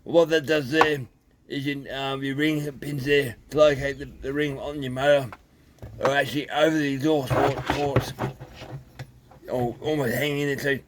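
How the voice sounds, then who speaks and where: A man with an Australian accent, talking casually and haltingly through a chainsaw repair, with many fillers. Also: mid-range voice, level tone, background noise. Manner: rambling, plain-spoken, halting with fillers. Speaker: small engine repairer. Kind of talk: casual workshop video.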